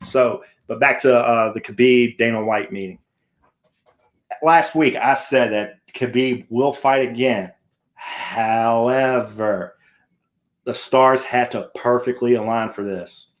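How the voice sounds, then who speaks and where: Male host, casual sports chat, jokey, mid-pitched voice. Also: takes it slowly. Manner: chatty, jokey, asks co-host and viewers questions.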